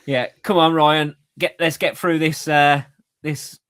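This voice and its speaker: A man's voice: a little high, flat delivery, unhurried, a bit bright, clear, resonant tone. Encouraging man, podcast co-host. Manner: encouraging, short interjections. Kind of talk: casual chat.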